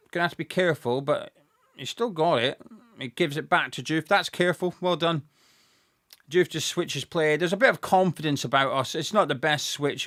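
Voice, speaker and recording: A young man, talking fast and excitedly as he commentates live on a football match for viewers. He chats informally, thanks viewers by name and reacts to the play. His voice sits a little high for a man. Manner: excitable, chatty, reads out viewer messages. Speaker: fan channel host.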